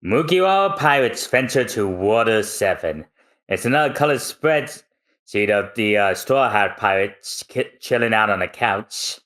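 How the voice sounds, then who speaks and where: A man's voice: on the low side, lively intonation, a little slow, a bit bright. A man co-hosting a manga readthrough podcast, chatting in an easygoing, hesitant way. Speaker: podcast co-host. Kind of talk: casual chat and manga read-aloud.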